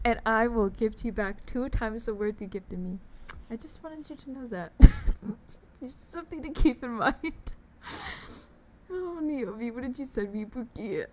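Young woman game streamer, bubbly and giggly, slightly high voice, faint noise behind. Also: slow pace, darkish tone. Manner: bubbly, giggly, talks to chat. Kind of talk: casual live-stream chat.

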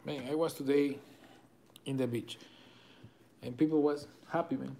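Opening packs live, this Venezuelan-accented man fires off card names one after another, chuckling with excitement as he hosts the break. His medium-pitched voice has some vocal fry, and there's a little hiss or hum on the recording.

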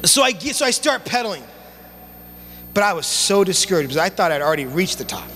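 A young man preaching a sermon as youth pastor, telling stories in a casual, animated way with relaxed slang. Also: high voice, fast. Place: church sanctuary. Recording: long church hall reverb, faint hum.

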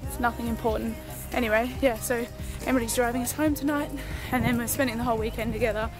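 Uma jovem australiana fazendo um vlog casual, tagarela e autodepreciativa, sem fôlego, com música ao fundo. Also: female voice, a little high, steady tone, quick pace. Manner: rambling, chatty, self-deprecating. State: out of breath. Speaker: vlogger. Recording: music playing behind.

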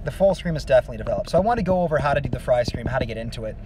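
A man explains singing technique in a loose, rambling way, his voice sitting at an ordinary middle pitch. Faint noise hums behind him as he talks through his lesson. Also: very fast. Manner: relaxed, rambling explanation with many fillers. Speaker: vocal coach. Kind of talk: casual singing lesson with demonstrations.

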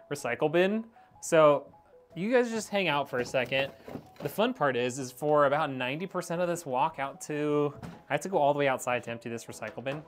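Chatty breathless man on a wireless mic. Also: medium pitch. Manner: rambling, chatty, talks to viewers as y'all. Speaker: PC builder streaming a build. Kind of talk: casual live-stream chat. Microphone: wireless clip-on mic.

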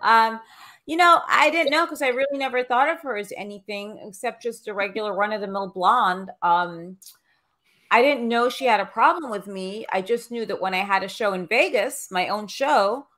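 A woman's voice: a little high, normal speed, bright, forceful tone. Woman guest on a call, blunt and salty, filler-heavy and offhand. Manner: blunt, profane and dismissive, with lots of "like" and "um". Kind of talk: casual podcast chat.

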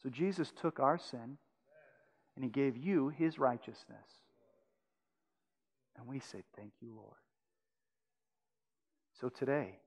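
A man preaching a sermon as pastor, swinging from loud urgent pleading to hushed, intimate tones. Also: mid-range voice, big-room sound. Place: church sanctuary.

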